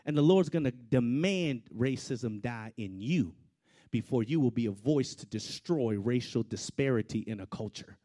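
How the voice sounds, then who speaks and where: A man preaching a storytelling sermon, swinging between loud outbursts and hushed asides. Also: medium pitch, lively intonation, normal speed.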